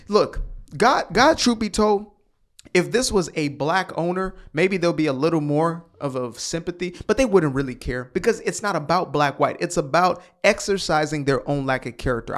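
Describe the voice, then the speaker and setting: Heated male commentary host, somewhat high voice, preachy rant. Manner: heated, preachy, swears, rhetorical questions.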